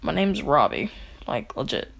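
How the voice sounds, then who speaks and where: A man's voice: a little high, big pitch swings, measured pace, vocal fry, a bit bright. A man rambling through an improvised fan story in casual slang, packing his sentences with filler words and joking asides.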